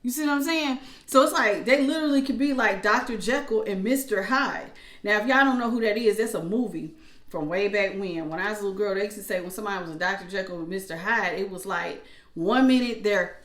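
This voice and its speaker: A woman reads tarot cards in a loose, chatty way, with features. She slips into acted-out asides as she explains. Her voice sits at a middle pitch and echoes around the room. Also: brisk, bright, forceful tone. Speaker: tarot reader. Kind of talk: casual tarot reading.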